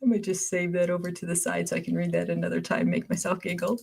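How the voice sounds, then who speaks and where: A woman's voice: fairly low pitch, flat delivery, normal speed, gravelly, slightly rough. An older woman hosting a casual livestream, reading viewer comments aloud and often laughing as she goes. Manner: chatty, warm-hearted and easily amused.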